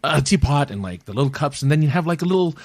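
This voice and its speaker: An American man co-hosting a podcast, chatting casually and jokily, rambling with restarts and slipping into quick silly put-on voices. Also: a little high, animated, darkish tone, dry recording. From United States. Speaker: podcast co-host. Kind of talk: casual chat.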